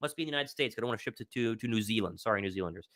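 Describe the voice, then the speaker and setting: A young man hosting a live sports stream, talking with excitable confidence and reading out viewers' questions. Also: lowish voice, rapid-fire, no room sound, studio quality. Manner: excitable, confident, reads chat questions aloud. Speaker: host of a sports livestream. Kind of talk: live pregame Q&A commentary.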